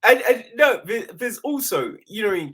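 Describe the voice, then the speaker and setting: A man's voice: very high-pitched, big pitch swings, a little slow, pushed and bright. A man hosting a podcast interview, laughing, swearing casually and acting out voices in his stories. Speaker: podcast host.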